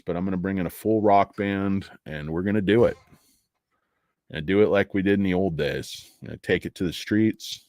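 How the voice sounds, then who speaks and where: A man's voice: on the low side, darkish tone, dry recording, studio quality. A man hosting a casual stock livestream, rambling and joking sarcastically as he talks to his chat from his office. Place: home office.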